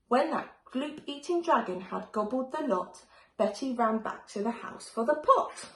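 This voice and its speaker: Primary teacher, storybook read-aloud, lively rising and falling voice. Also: female voice, high-pitched, echoey room, rough recording. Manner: slow, expressive rhyming read-aloud. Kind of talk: reading a picture book aloud.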